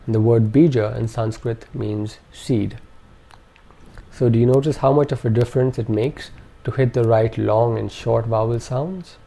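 A man's voice: mid-range voice, steady tone, normal speed, gravelly, warm tone. A man narrating a scripted language lesson, carefully enunciating each syllable and repeating words for practice. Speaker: language teacher.

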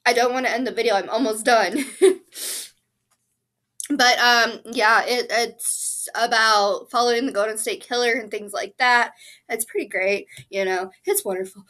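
A woman's voice: a little high, fairly even intonation, moderate pace, sharp tone. A woman chatting casually about her reading, sick and interrupting herself with coughs and sneezes. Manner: chatty, apologetic, with fillers. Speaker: book vlogger. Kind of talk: casual chat.

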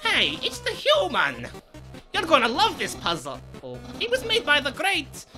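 A loud, theatrical skeleton who brags about his puzzles, voiced by a woman. The voice sits high and swoops wildly across its range. Game music plays underneath. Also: wildly swooping pitch, unhurried, exaggerated voice. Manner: grandiose, exclaiming, dramatic. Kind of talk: live fan voice-over of a game.

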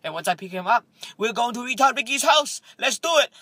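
A young man hosting a comedic vlog, ranting loudly and excitedly about his day. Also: very high-pitched, brisk. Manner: loud, excitable comic ranting. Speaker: vlogger.

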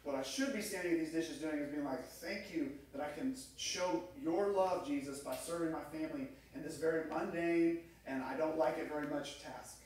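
A man's voice: on the high side, normal speed, hardly any pauses, a little mellow. A middle-aged man preaching a sermon as pastor, telling stories and acting out quoted voices. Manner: storytelling, acts out quoted voices. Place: church sanctuary. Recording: echoey room, mic far off.

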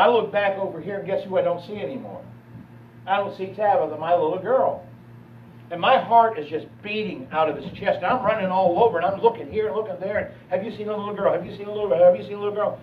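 A man's voice: sits high, a little hiss or hum. A man pastor preaching a sermon, telling personal stories in a conversational way. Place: church sanctuary. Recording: echoey church hall from a distance, dull.

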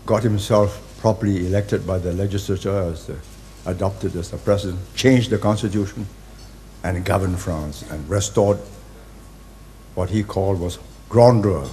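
A man, giving a public speech in deliberate, halting phrases and hitting key words hard. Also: sits low, warm tone, slight background noise. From Singapore. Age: 80s. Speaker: invited speaker.

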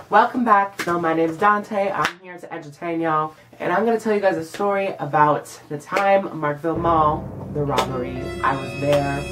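A young man vlogging a casual storytime monologue, animated and profane, acting out what he said in the moment. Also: on the high side, rough recording. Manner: animated and profane, acts out his own lines.

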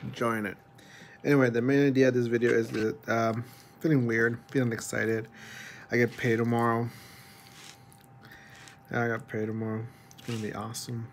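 A man's voice: mid-range voice, flat delivery, moderate pace, pauses often, a little hiss or hum. A young man vlogging at home, chatting casually and rambling about his day and his cat. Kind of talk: casual chat to camera. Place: at home, pet cat nearby.

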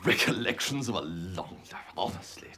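A flustered, stammering English gentleman. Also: low-pitched, lively intonation, normal speed, background noise. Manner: hesitant, stammering, full of ums. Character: flustered young English gentleman, bumbling and cheerful.

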